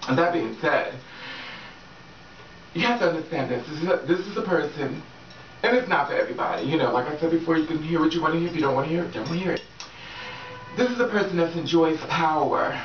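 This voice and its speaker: A woman's voice: low-pitched, lively intonation, brisk, pauses often. A woman talking casually and frankly to her viewers, swearing freely and often laughing. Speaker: vlogger giving relationship advice. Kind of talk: casual straight-talking vlog. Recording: echoey room, distant dull mic, faint background noise.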